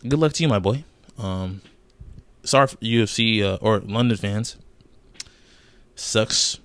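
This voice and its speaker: A man's voice: mid-range voice, no room sound. A young man giving casual, heated, profane commentary on fight news, rambling with fillers and frequent outbursts. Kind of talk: casual chat.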